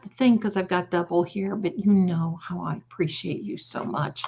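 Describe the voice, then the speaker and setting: A woman's voice: fairly low pitch, fairly even intonation, moderate pace, vocal fry, hardly any pauses, darkish tone, breathy edge, dull audio. A woman hosting a tarot livestream in casual chat, affectionately calling her viewers "my darlings" while fiddling with her setup.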